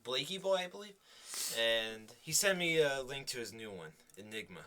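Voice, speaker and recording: A man's voice: medium pitch, animated, moderate pace, sharp tone. A young man co-hosting a casual podcast chat, teasing and jokey. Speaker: podcast co-host.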